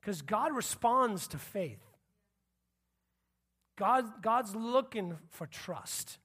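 A preacher in easygoing, chatty sermon mode who keeps checking in with the listeners. The voice sits at an ordinary middle pitch and shifts freely when acting out the people in the story. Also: expressive, extremely slow, fairly bright tone, slightly rough. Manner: conversational, checks in with the audience, acts out quotes.

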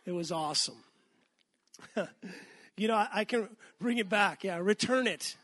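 A middle-aged man from Massachusetts preaching a conversational sermon, asking the congregation questions and slowing down when he reads scripture. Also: sits high, fairly bright tone, no echo. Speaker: pastor.

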